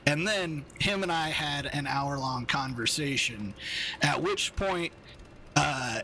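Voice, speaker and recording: A man's voice: on the high side, slow, pushed and bright, a little hiss or hum. A man, angry and steamed up, ranting profanely and rambling in casual chat while streaming a game. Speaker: gaming streamer.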